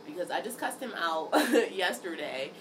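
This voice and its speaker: A woman in her thirties, chatting casually and telling animated stories, acting out quotes, swearing and laughing often. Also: on the low side, unhurried. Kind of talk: casual chat. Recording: distant mic, noisy background.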